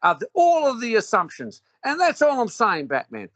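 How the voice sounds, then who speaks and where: Argumentative high-voiced man. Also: wildly swooping pitch, fairly bright tone, no room sound. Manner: cross-examining, profane, rapid questioning. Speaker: debater. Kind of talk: heated online argument.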